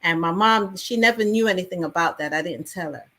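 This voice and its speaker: A woman, originally from England, telling stories in a lively interview conversation. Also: on the low side, brisk. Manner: animated storytelling with many fillers. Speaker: actress guest.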